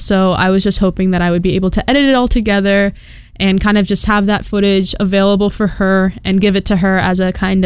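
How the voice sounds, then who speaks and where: A woman in her early twenties talking casually on her own podcast, chatty and self-deprecating with quick laughs. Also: mid-range voice, smooth, no room sound. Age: 20s. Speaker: podcast host. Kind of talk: casual solo podcast chat.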